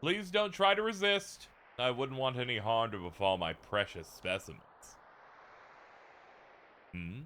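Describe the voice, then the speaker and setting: A man's voice: medium pitch, measured pace, long pauses, pushed and bright, a little hiss or hum. A man voicing a sly, creepy male scientist who gloats and taunts, reading game dialogue aloud. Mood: gloating. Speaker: let's play streamer reading dialogue.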